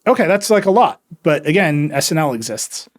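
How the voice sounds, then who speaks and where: A man's voice: a little high, very animated, brisk. A man hosting a tech podcast in casual chat, wry and rambling, slipping into quoted asides. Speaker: podcast host.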